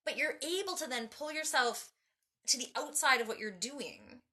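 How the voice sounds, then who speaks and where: A woman's voice: high-pitched, lively intonation, moderate pace, bright, forceful tone. A woman in a casual behind-the-scenes chat, talking animatedly, acting out quoted dialogue and rambling with fillers and restarts. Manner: chatty, with many fillers and restarts. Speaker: transformation coach.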